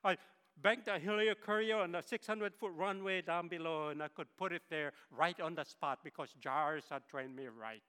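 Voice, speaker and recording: A man's voice: fairly high pitch, normal speed, sharp tone, clear, resonant tone, long reverb tail. A man, giving an impassioned sermon testimony as a guest speaker in a church. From northern Philippines. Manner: impassioned storytelling. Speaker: missionary pilot, guest speaker.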